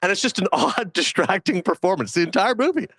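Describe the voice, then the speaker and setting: Middle-aged male guest from Canada, fast and lively, voices the quotes, dry close mic. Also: high voice, husky, dry recording. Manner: quick anecdotes with acted-out quotes. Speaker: guest, film and sports commentator. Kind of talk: casual chat.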